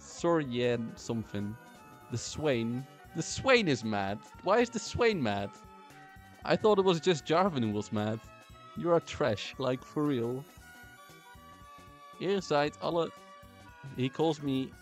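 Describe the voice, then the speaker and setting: A male streamer gives unhurried, playful commentary over his game, often repeating his own lines for effect. His voice sits in a middle pitch, and a faint music bed plays behind him. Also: expressive. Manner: playful, joking, repeats phrases. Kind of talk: casual gameplay commentary.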